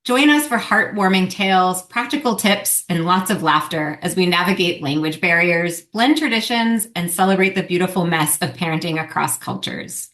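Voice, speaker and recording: A woman's voice: lowish voice, animated, normal speed, few pauses, fairly bright tone. A woman reading a scripted, upbeat podcast introduction. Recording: echoey room.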